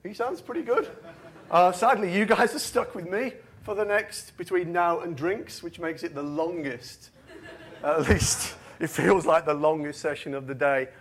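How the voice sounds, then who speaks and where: A man's voice: high-pitched, normal speed. A British man from the United Kingdom giving a jokey, self-mocking conference keynote, often tagging lines with "right?".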